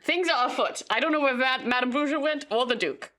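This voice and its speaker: A woman's voice: high voice, brisk, bright, forceful tone. A woman playing a tabletop horror game, giggly and earnest. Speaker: player. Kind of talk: in-character tabletop play.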